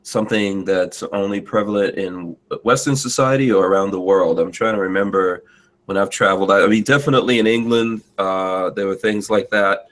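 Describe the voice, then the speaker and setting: A man's voice: fairly low pitch, fairly even intonation, a little fast, fairly bright tone. A man hosting a casual podcast chat, asking questions and making joking asides. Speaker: podcast host.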